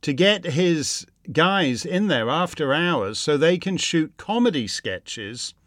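A man hosting a show, answering listener questions in a sardonic monologue that climbs into loud, mocking indignation. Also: on the high side, expressive, slow, dry recording, studio quality. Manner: sings wordless tunes to mock.

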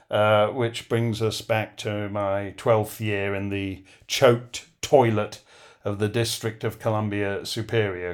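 A man's voice: mid-range voice, a little mellow. Sardonic man, voice starting to go. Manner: rambling, sardonic, with many fillers. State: losing his voice. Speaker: host. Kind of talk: live listener Q&A.

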